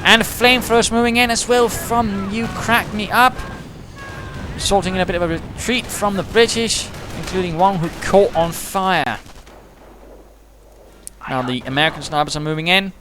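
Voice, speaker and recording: A man giving quick, chatty play-by-play commentary on a strategy game, with dry humour and British turns of phrase. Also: high voice, noisy background.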